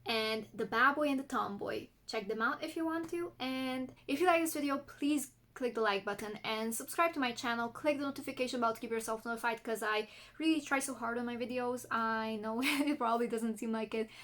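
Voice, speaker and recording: High-voiced chatty woman book vlogger. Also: fairly quick, few pauses, a bit bright. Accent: non-American English accent. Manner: chatty and enthusiastic. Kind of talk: casual chat and reading book blurbs aloud.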